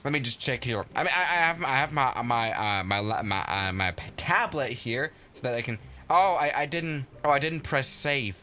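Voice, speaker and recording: A man chatting casually on a live stream while playing a flight simulator, excitable and often stumbling and restarting his sentences. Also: mid-range voice, moderate pace, hardly any pauses, a little hiss or hum.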